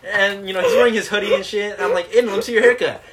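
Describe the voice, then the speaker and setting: A man's voice: high-pitched, racing, over a noisy crowd. A young man co-hosting a casual podcast with friends, telling profane, rambling stories with lots of fillers. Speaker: podcast co-host. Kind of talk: casual chat among friends.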